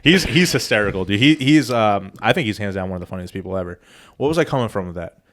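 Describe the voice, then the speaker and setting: Rambling young man with animated pitch. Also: fast. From Long Island, New York. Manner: rambling, laughs often, hesitant fillers. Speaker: podcast co-host. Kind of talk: casual chat.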